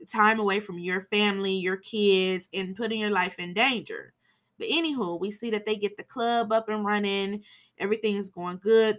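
Bright-voiced woman doing a casual recap. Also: mid-range voice. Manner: chatty, frank, swears for emphasis. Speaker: podcast host. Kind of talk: casual film recap podcast.

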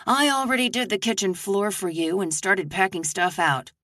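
A woman's voice: mid-range voice, moderate pace, fairly bright tone, no room sound, studio quality, lightly acted. A woman voicing a curt, nagging older sister in an audiobook reading. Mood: impatient. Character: brusque impatient older sister.

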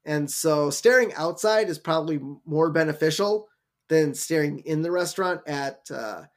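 A man's voice: on the high side, moderate pace. A man co-hosting a podcast, chatting casually and retelling scenes with lots of fillers. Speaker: podcast co-host. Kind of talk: casual chat.

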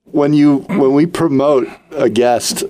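A man hosting a radio show in a studio, bantering casually and rambling with jokes into a boom mic. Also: takes it slowly, dark tone. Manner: joking, rambling. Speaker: radio host. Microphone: studio boom mic on counter.

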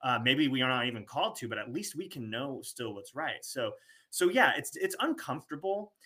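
Man, bright forceful tone, earnest conversational co-host, restarts his thoughts often. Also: mid-range voice, sing-song, a little fast. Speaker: podcast co-host. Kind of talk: casual conversation.

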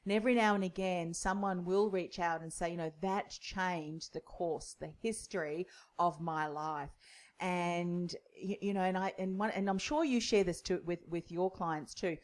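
A woman hosting a podcast who listens closely and then responds with her own thoughts. Her voice sits fairly low for a woman. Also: fairly even intonation, moderate pace. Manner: attentive, affirming listener. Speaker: podcast host. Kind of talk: interview chat.

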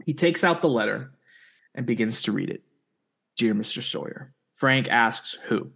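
A man's voice: medium pitch, animated, moderate pace, gravelly, fairly bright tone, slightly rough. Man recapping a plot on a podcast. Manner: plain storytelling, recapping the plot step by step. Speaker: podcast co-host. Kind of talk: casual chat recapping a TV episode.

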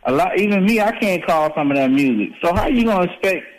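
A man's voice: high voice, expressive, quick pace, low-quality recording. A man speaking bluntly and profanely in a casual interview, with a lot of repeated words and restarts. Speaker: rap artist in an archived interview clip.

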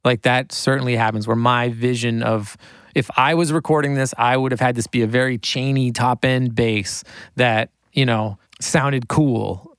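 A man working as a record producer and engineer, chatting casually in an interview, excitable and quick, laughing often and saying "like" a lot. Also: mid-range voice, smooth, dry recording.

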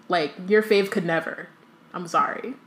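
A woman co-hosting a casual chat, animated and laughing, sometimes reading passages aloud dramatically. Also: fairly low pitch, measured pace. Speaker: podcast co-host reading aloud.

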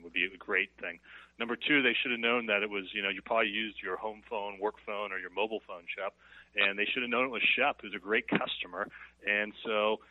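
Fast-talking man on a tinny phone line. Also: on the low side, steady tone, no room sound. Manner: fast, earnest explainer. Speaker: company guest. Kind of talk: casual interview chat.

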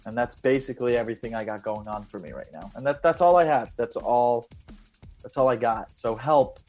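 A man's voice: mid-range voice, lively intonation, a little fast, darkish tone, soft background music. A man, a comedian guesting on a podcast, rambling mock-serious advice with many fillers. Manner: rambling, mock-serious, lots of "you know". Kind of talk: casual comedy podcast chat.

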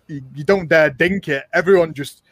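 A man's voice: on the high side, moderate pace, fairly bright tone. This man tells loose, laid-back stories in a slightly raised voice, swearing casually along the way. His voice sounds dry and close, with no room echo. He chats easily with friends. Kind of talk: casual chat.

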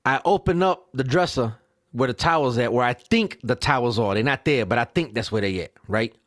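A man on a podcast, ranting in casual chat, profane and animated, punctuating points with "right?". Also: mid-range voice, brisk, no echo, studio quality. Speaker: podcast co-host.

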